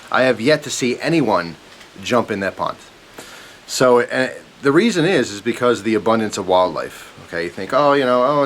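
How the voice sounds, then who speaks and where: A young man with a fairly low voice tells a story in a loose, rambling, animated way, often chuckling. A faint hiss sits under the recording. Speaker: vlogger. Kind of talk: casual storytelling.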